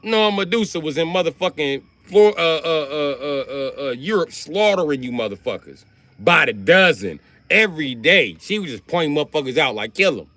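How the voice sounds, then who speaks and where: A man with a fairly high, bright and forceful voice rants on a live stream, full of swearing. His pitch swoops widely as he riffs loudly and comically. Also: normal speed, dry recording. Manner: loud, animated, swearing heavily. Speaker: livestreamer.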